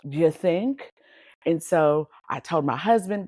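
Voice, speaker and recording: A woman hosting a podcast, telling stories in a lively, animated way, laughing often and calling her listeners y'all. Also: low-pitched, measured pace, breathy edge, no room sound, clean studio sound. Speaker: podcast host and coach. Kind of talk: casual storytelling monologue.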